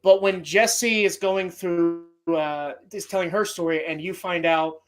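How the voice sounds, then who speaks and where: A man's voice: sits high, steady tone, unhurried, few pauses. Brief: male podcast host, loose and rambling, swears freely, heartfelt. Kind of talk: casual movie podcast talk.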